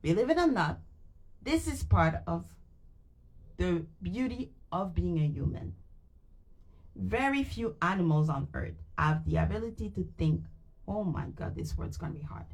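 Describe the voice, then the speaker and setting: Tired french canadian woman reading a book out loud on a live stream, lively, keeps redoing words. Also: lowish voice, unhurried. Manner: animated, repeats and retries hard words. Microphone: microphone.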